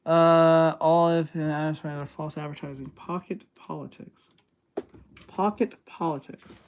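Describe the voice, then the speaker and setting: Excitable, swearing woman streamer. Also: low voice, dull audio, slight background noise. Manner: profane, excitable, quick to laugh. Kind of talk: casual reaction stream.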